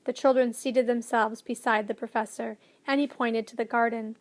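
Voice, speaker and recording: High-voiced woman reading a storybook. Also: flat delivery, moderate pace. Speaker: narrator.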